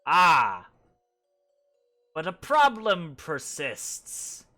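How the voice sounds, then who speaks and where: A man voicing a proud, haughty male goblin leader who speaks in slow, booming proclamations. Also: wildly swooping pitch, sharp tone, soft background music, heavily acted.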